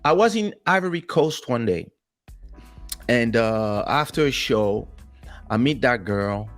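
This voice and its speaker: Animated man telling a story. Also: medium pitch, takes it slowly, faint music behind. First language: French. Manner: animated storyteller, acts out quotes. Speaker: host. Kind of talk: casual talk show storytelling.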